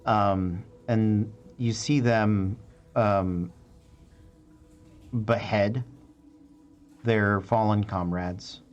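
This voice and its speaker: Man, game master, slow narration, lowish voice, halting and full of fillers. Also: fairly even intonation, muffled recording, faint music behind. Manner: halting, many fillers and restarts.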